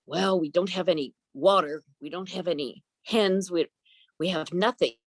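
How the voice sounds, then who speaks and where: A woman's voice: on the low side, moderate pace, no echo. A woman voicing a fretful farm mother who fusses and complains. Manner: fussing, complaining.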